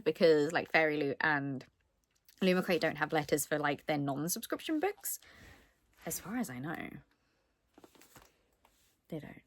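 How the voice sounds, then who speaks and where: A woman's voice: low voice, a little slow, long pauses. Chatty woman unboxing a book. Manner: excitable and chatty, with frequent ums and soft asides. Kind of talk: casual unboxing chat.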